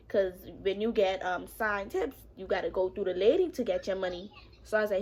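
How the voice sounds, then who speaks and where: A young woman tells a story in a casual vlog, animated and sassy, cursing freely and bantering with a friend who's off camera. Her voice sits at medium pitch and moves briskly.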